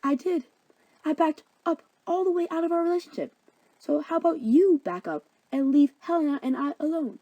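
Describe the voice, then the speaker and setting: A woman's voice: high voice, normal speed, dark tone, dry recording, pitched above the performer's own voice. A woman voicing a cocky, dismissive young man in a cartoon parody, taunting and smug.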